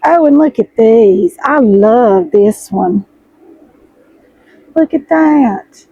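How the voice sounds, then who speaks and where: A middle-aged woman, chatting excitedly to her viewers as she unboxes fabric, her voice hoarse and froggy. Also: fairly high pitch, drawn-out words, no echo, narrow, tinny audio. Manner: chatty, gushing, addresses viewers as y'all. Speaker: sewing vlogger host. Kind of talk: casual chat while unboxing fabric.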